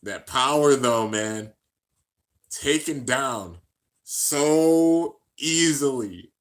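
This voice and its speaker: Man, middle-pitched voice, hyped reaction commentary, slangy, bursts into shouts. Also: animated, drawn-out words. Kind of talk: excited casual play-by-play commentary.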